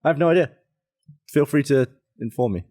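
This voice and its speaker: A man chatting excitably on a podcast, quick to banter. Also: mid-range voice. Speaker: podcast regular. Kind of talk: casual chat.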